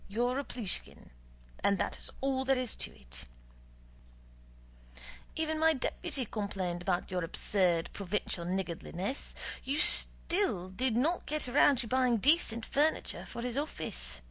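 Pompous Soviet boss, put on by a woman, indignant, lecturing, gravelly. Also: a little high, lively intonation, slow, fairly bright tone, exaggerated voice. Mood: scolding.

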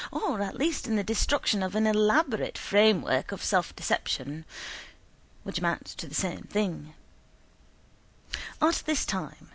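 Gravelly, expressive woman reading a story. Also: medium pitch. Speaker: narrator.

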